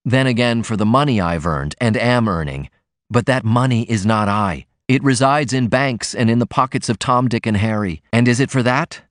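A man's voice: medium pitch, expressive, dry recording, clean studio sound, close to an everyday voice. A man voicing a bitter young writer. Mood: reasoning. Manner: measured, bitter, argumentative. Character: proud young male writer, bitter and reasoning. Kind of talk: audiobook character reading.

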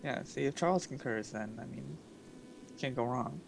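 A man's voice: mid-range voice, normal speed, gravelly, noisy background. A young man chatting casually with friends, teasing them and joking around. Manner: teasing, jokey banter. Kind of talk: casual chat.

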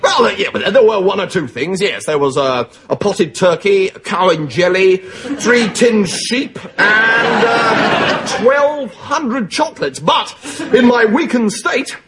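Brief: a posh, gushing young lieutenant, high lively voice, hissy TV sound. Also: male voice, slow pace, crowd noise. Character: cheerful naive young male lieutenant, jolly and eager. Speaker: army lieutenant. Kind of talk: studio sitcom acting. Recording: hissy TV recording with noise. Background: studio audience laughter.

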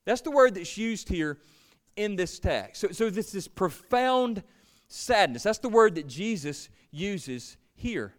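A man's voice: high-pitched, sing-song, slow. A man preaching a sermon as pastor, earnest, with repeated words and a voice that swells and falls away.

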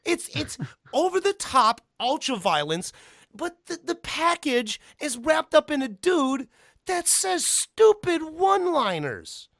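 A man hosting a casual chat, ranting animatedly with a lot of swearing, and jumping to high pitch when he stresses a point. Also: sing-song, takes it slowly, creaky, a bit bright, no room sound, studio quality.

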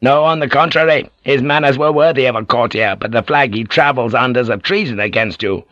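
A gruff, hot-tempered samurai general, put on by a male audiobook reader, barking his words bluntly in a raised, forceful voice. The audiobook recording sounds dull and muffled, and dry. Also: medium pitch, fairly quick, dry recording, voice pushed up, natural voice. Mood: urgent.

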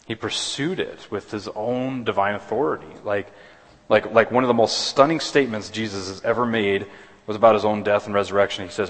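A man's voice: lowish voice, steady tone, fairly quick. Earnest male pastor in a reverberant hall. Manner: earnest, with many restarts and repeated words. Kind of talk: sermon. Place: church sanctuary.

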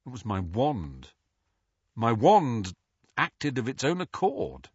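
A man's voice: medium pitch, wildly swooping pitch, takes it slowly, slightly rough, dry recording, lo-fi sound, full character voice. A man voicing a tense teenage boy wizard who speaks in an insistent, clipped way. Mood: flat, frustrated.

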